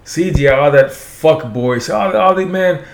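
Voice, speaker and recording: A man's voice: fairly high pitch, moderate pace, heavy reverb, distant mic, slight background noise. A man speaking as a podcast guest in casual chat, rambling and profane, often restarting his words.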